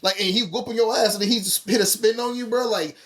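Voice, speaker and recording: A man co-hosting a podcast in casual chat, animated and profane, retelling scenes with quoted lines. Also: high voice, quick pace. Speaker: podcast co-host.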